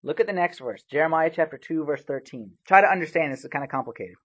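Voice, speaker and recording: A man preaching a sermon, telling stories with lively bursts of loudness and sudden drops. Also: on the high side, quick pace, husky, muffled recording. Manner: animated storytelling with sharp swings in loudness.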